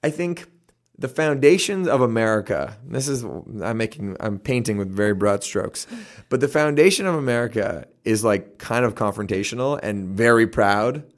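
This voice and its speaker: A man from Canada, a musician, answering interview questions in a chatty, animated way with lots of fillers. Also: lowish voice, normal speed. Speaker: interview guest, band musician.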